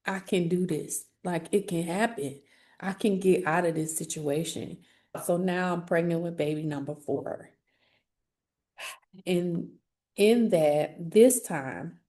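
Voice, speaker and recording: A woman sharing a personal testimony in an interview, speaking earnestly and haltingly with frequent restarts. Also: lowish voice, darkish tone. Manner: earnest, halting, grows emotional. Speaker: interviewee telling her life story.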